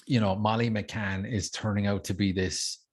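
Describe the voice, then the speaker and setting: Male podcast host, lowish voice, eager, cusses casually. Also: fairly even intonation, moderate pace, slightly rough. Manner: enthusiastic, swears freely, leads the rundown. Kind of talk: casual chat.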